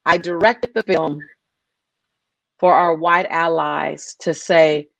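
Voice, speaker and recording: A woman director with a deep, creaky yet fairly bright voice speaks slowly and steadily, pausing often. As an interview guest she's emphatic and passionate, restarting and repeating phrases with earnest false starts. The recording is dry.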